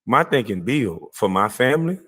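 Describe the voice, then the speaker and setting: A man's voice: mid-range voice, very animated, moderate pace, a bit bright, husky. A man ranting on a livestream, profane, mocking and confrontational, laughing scornfully between lines. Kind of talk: heated livestream rant.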